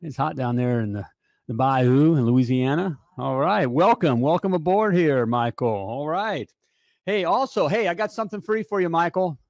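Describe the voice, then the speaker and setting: Man, live talk-show host, energetic, chatty, slightly high voice, dry close sound. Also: moderate pace, gravelly, no room sound. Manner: energetic and chatty, often asks "all right?". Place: home studio.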